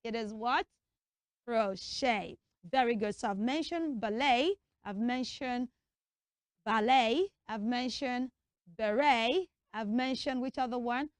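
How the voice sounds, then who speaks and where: A young woman presenting a children's TV lesson, coaxing answers in a lively call-and-response way. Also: a little high, unhurried, no echo.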